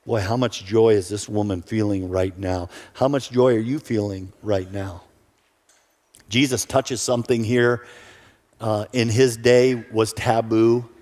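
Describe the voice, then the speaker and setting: A man's voice: fairly low pitch, fairly even intonation, measured pace, a little mellow. A male pastor giving an earnest sermon who often repeats his first words when starting a sentence. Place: church sanctuary. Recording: church hall reverb.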